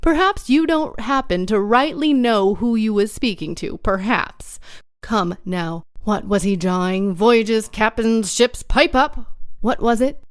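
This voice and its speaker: A woman voicing a crafty, hearty one-legged pirate landlord who talks loud and blusters, in a storybook reading. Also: a little high, slow, clean tone, no echo, clean studio sound. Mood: stern.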